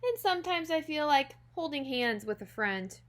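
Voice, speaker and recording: A woman teacher reading a children's picture book aloud, gently and expressively, talking directly to young listeners. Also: high-pitched, animated, normal speed. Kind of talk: children's storybook read-aloud.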